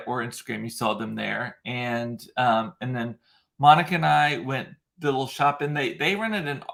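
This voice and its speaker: A man in his thirties with a light lilt chats casually to camera. He rambles through a gossipy story, dropping campy asides and playful mocking impressions, with a voice of ordinary pitch. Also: creaky, fairly bright tone. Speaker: vlogger. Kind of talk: casual chat.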